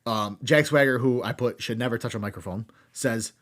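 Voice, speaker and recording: A man's voice: medium pitch, fairly quick, fairly bright tone. A man co-hosting a podcast, recapping a wrestling show with sarcastic asides and lots of swearing. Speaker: podcast co-host.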